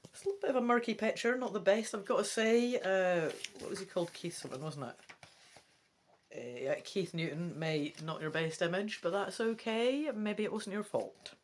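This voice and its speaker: A woman's voice: medium pitch, normal speed, a little hiss or hum. A Scottish woman reading a gamebook aloud, breaking off into cheeky, chatty asides to her viewers. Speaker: let's play reader.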